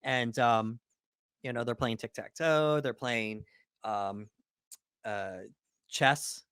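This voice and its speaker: A man's voice: mid-range voice, slow pace, a bit bright, smooth, no room sound, clean studio sound. A man co-hosting a podcast, talking through a movie in a loose, rambling way with plenty of fillers and restarts. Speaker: podcast co-host. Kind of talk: casual film discussion.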